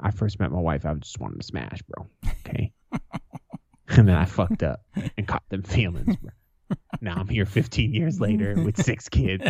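A man's voice: low-pitched, very animated, moderate pace, vocal fry, darkish tone, breathy edge, dry recording. A man in his thirties co-hosting a podcast, telling profane stories in casual banter and laughing often. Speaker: podcast co-host. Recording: dull lo-fi, dry.

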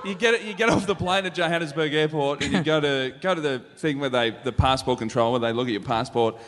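A man's voice: on the high side, fast, fairly bright tone. A man, a guest comedian, telling sweary anecdotes on stage at a live podcast and laughing at his own jokes. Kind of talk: comic storytelling. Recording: live room with long reverb and noise. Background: audience laughter.

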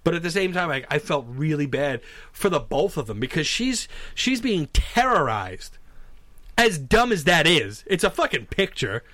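A man's voice: on the high side, moderate pace, dry recording. A man telling a story in casual, profane, comedic chat as a podcast co-host. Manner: animated, profane, conversational.

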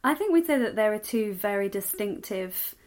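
A woman's voice: mid-range voice, expressive, normal speed, darkish tone. A woman with an English accent co-hosting a podcast, in a friendly, quizzing chat. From England. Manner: friendly, quizzing, laughs easily. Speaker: podcast co-host. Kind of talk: casual chat.

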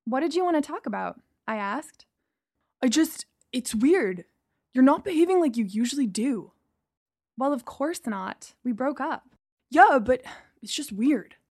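Lively young-sounding woman storyteller. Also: a little high, no echo, clean studio sound. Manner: lively, acting out dialogue. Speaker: narrator. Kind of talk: first-person story reading.

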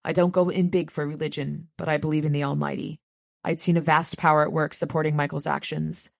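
A woman's voice: sits low, little pitch movement, a little fast, gravelly, no room sound, clean studio sound. A woman hosting a podcast, reading a novel aloud and adding chatty, enthusiastic asides. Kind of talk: reading aloud with casual commentary.

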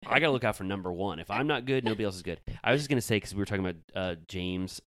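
A man's voice: fairly low pitch, very fast, no echo. A man co-hosting a podcast, chatting casually and acting out quotes with lots of laughter. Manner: animated, laughs often, acts out quotes. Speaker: podcast co-host. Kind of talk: casual recap chat.

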